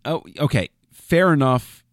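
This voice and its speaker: A man's voice: medium pitch, animated, measured pace, dry recording, clean studio sound. A man on a podcast chatting casually, enthusiastic and chuckling often, trailing off and restarting his thoughts. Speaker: podcast co-host.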